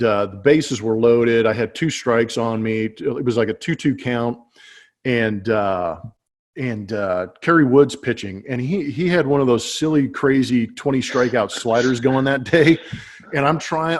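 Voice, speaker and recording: A former ball player co-hosting a casual chat show over a webcam call, telling stories in an animated way with frequent laughs. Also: male voice, mid-range voice. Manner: animated storyteller who laughs as he talks. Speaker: podcast co-host, former baseball player. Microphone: webcam setup.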